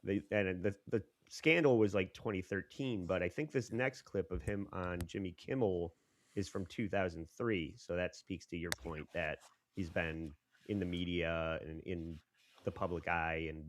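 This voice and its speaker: A man's voice: sits low, normal speed. A man co-hosting a podcast in casual chat, joking and laughing often as he talks. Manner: laughs often, swears, loose and jokey. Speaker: podcast co-host.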